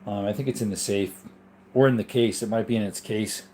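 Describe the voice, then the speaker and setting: Here a man with a lowish, slightly mellow voice talks a little fast over slight background noise. He's hosting a casual stream while drowsy and yawning, going through viewer messages and answering in a loose, meandering way with frequent ums and side comments.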